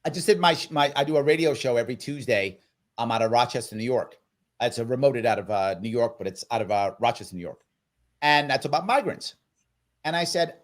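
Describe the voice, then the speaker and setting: A man's voice: on the high side, expressive, brisk, a bit bright. A man speaking as a guest in an interview, making his points in an emphatic, persuasive way. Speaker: political guest. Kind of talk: interview conversation.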